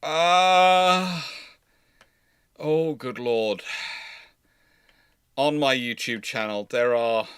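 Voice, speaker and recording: A man's voice: mid-range voice, drawn-out words, long pauses, fairly bright tone, clear, resonant tone, no room sound, clean studio sound. A man hosting a live naval history Q&A stream, telling rambling anecdotes and acting out the quotes, on a video call mic. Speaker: host.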